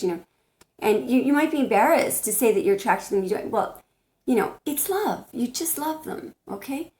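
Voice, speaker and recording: A woman's voice: a little high, expressive, brisk, warm tone. A woman giving blunt spiritual relationship advice as a tarot reader, talking straight to camera and often restarting her sentences. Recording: roomy echo.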